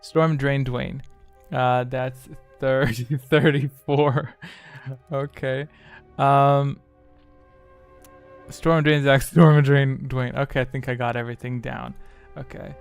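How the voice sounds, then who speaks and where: A man hosts a quiz on his live stream, half talking to himself as he fiddles with settings and complains at the software. His voice has a gravelly, creaky edge. Faint music sits underneath. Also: medium pitch, flat delivery, slow pace. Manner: mutters to himself, exasperated at the software. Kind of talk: casual live-stream chat.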